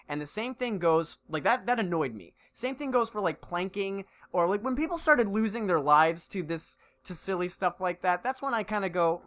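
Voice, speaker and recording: A man's voice: high-pitched, expressive, moderate pace, few pauses, fairly bright tone. Rambling man chatting on a podcast. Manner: rambling, many restarts. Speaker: podcast co-host. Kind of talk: casual chat. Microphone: podcast mic.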